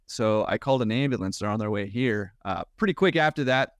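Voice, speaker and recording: A man's voice: lowish voice, dry recording. A man, a podcast guest, telling a story casually and with energy, chuckling as he goes. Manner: animated, quick, laughing at his own story.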